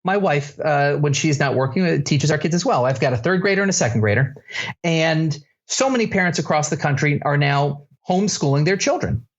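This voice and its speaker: A middle-aged man hosting a podcast, telling an anecdote with animated energy and laughing as he tells it. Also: fairly high pitch, fairly quick, lo-fi sound. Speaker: podcast co-host. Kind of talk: casual storytelling chat.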